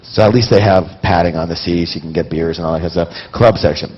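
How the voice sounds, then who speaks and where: A man's voice: low voice, fast talker, breathy edge. Man telling stories at a seminar, dull lo-fi sound. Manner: animated, talks straight to the audience. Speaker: seminar speaker. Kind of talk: live seminar storytelling. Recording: dull lo-fi recording.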